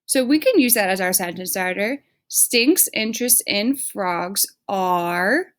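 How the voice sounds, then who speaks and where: A woman teacher reading a children's book aloud and explaining a reading question slowly and patiently. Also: mid-range voice, animated. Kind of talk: reading aloud and classroom instruction.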